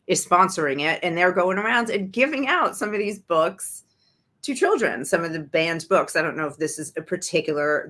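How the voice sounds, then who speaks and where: A woman with a somewhat low voice hosts a livestream and talks straight to her viewers. Her delivery is indignant and biting, full of sarcasm. She speaks as the regular host of her own show. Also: fairly bright tone. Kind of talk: livestream commentary.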